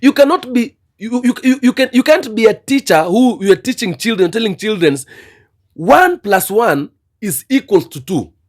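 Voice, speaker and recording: A man's voice: high-pitched, lively intonation, moderate pace, darkish tone. A man giving impassioned commentary on the state of his continent, repeating himself and building to fervent, preachy outbursts. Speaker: political commentator.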